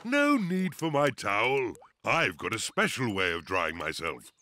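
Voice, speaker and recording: A man's voice: medium pitch, wildly swooping pitch, a little slow, very noisy. An actor voicing a boastful, jolly grown-up father pig in a cartoon, pompous and chuckling. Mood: confident. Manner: pompous, self-satisfied, chuckling. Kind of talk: cartoon voice acting. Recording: music under the voice.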